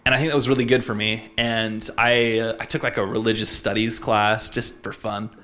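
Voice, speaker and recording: A man's voice: lowish voice, flat delivery, sharp tone. Young man telling a personal story. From Utah. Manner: reflective, halting, many fillers and restarts. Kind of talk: personal story, casual talk.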